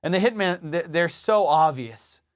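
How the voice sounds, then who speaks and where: A man's voice: on the high side, expressive, a little slow. A man hosting a comedy podcast, riffing in a rambling, profane monologue from his studio. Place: home studio.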